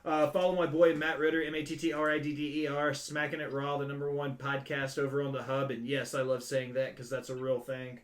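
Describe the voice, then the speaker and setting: A man hosting a wrestling podcast, joking and rattling off shout-outs. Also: mid-range voice, level tone. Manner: joking, rapid shout-out lists. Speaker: podcast host. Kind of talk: casual podcast chat.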